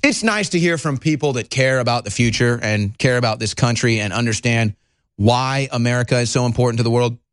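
A man hosting a talk radio show, ranting heatedly and swinging between loud outbursts and calmer stretches. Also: mid-range voice, fairly quick, clean tone, dry recording, studio quality. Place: broadcast studio.

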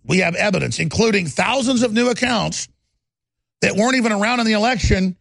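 Male host, gravelly and high, emphatic and indignant, dry close sound. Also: fairly bright tone, dry recording. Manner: emphatic, indignant, rapid-fire. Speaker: talk show host. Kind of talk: heated political talk radio.

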